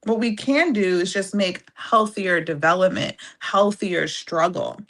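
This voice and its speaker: A woman speaking in a casual podcast conversation, reflective and halting, with many fillers and restarts. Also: mid-range voice, fairly bright tone. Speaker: podcast guest.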